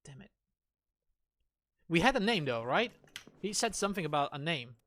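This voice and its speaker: A man's voice: fairly high pitch, sing-song, normal speed, a bit bright. A man streaming a game, thinking aloud through clues with wry, self-mocking jokes. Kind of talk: casual live gameplay commentary.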